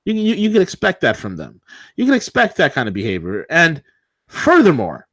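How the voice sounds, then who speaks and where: A man's voice: a little high, wildly swooping pitch, moderate pace, a bit bright, no room sound. A man co-hosting a political talk show, ranting combatively and sarcastically.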